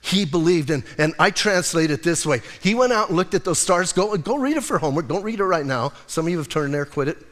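A man's voice: on the high side, expressive, fairly quick, hardly any pauses, fairly bright tone. A male pastor preaching a sermon in a conversational way, teasing his congregation. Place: church sanctuary. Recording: long hall reverb.

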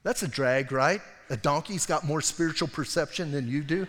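A man preaching in a fairly high voice, telling the story in a lively, slangy way with many asides. His voice rings out with a long hall reverb. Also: moderate pace, a little hiss or hum. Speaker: pastor. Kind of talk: sermon.

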